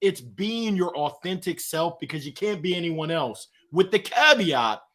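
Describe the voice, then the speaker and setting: A man guest talking in an energetic, preachy, slangy storytelling way in an interview. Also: a little high, unhurried. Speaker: guest, author. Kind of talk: motivational interview talk.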